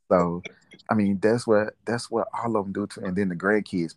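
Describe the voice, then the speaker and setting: A man's voice: on the low side, moderate pace, a little mellow, dry recording. A middle-aged man, reflecting in a casual family interview and laughing often. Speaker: interviewee, father.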